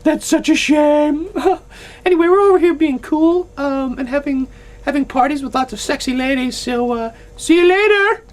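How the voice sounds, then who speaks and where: High-voiced sarcastic woman vlogging. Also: brisk. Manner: sarcastic, animated, mock voices. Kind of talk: opinionated commentary rant.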